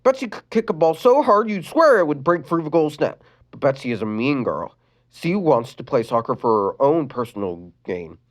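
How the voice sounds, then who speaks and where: At a moderate pace, a storyteller voices a mournful piece of fan fiction. Pitch swoops and dances expressively, and now and then a word trips or gets started over.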